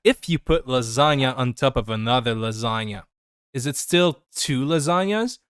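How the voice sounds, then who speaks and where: A man co-hosting a casual podcast, halting and hesitant, swearing freely. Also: medium pitch, expressive, fairly bright tone, clear, resonant tone, no room sound, studio quality. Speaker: podcast co-host.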